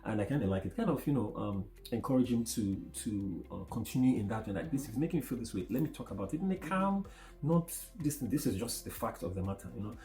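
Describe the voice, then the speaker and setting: A man co-hosting a podcast, telling stories in a calm, thoughtful way. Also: mid-range voice, quick pace. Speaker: podcast co-host. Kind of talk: casual podcast chat.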